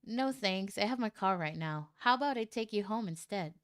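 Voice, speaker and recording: A woman's voice: medium pitch, lively intonation, moderate pace, dry recording, clean studio sound, close to an everyday voice. A woman reading the lines of a shy young man in a story, who is nervous and earnest as he confesses his feelings.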